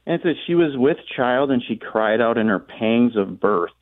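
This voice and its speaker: A man's voice: mid-range voice, expressive, normal speed, dry recording. Male caller over a tinny phone line. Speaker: radio caller. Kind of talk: phone-in question.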